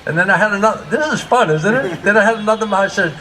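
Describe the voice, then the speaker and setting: A man giving a morning class as a spiritual teacher, telling a funny story slowly and often laughing. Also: high-pitched, soft background music, poor audio. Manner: slow storytelling with frequent laughter. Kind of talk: humorous anecdotal lecture. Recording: steady background noise.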